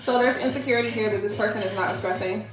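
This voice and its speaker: A middle-aged woman hosting a casual live tarot reading, chatting loudly with viewers, laughing often and swearing freely. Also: medium pitch, very fast. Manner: loud, laughing, profane and chatty, greets viewers. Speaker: tarot reader livestream host. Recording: echoey room with faint music.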